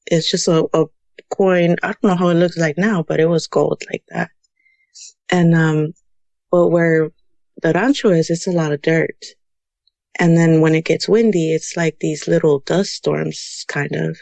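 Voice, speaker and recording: A woman's voice: sits low, steady tone, a little slow, vocal fry, a little mellow, no room sound. A woman in her thirties from Houston, chatting casually as a podcast guest, telling stories with many "you know"s and Spanish words sprinkled in. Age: 30s. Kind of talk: casual storytelling interview.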